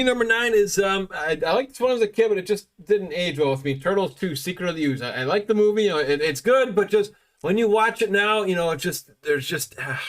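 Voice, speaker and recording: A man hosting a casual podcast, rambling with many fillers and restarts. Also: high-pitched. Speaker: podcast host.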